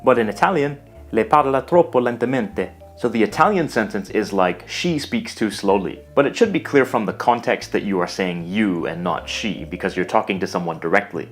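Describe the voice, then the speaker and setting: A man giving a scripted language lesson in a measured, explanatory way. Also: fairly low pitch, animated, faint music behind. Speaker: language teacher. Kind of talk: scripted educational narration.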